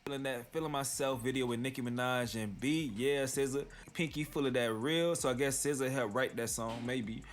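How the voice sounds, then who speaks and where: A man's voice: medium pitch, fairly quick, few pauses, a little hiss or hum. A man hosting a commentary channel, reading posts aloud and reacting in loose, slangy casual talk. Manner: reads tweets aloud then reacts, slangy.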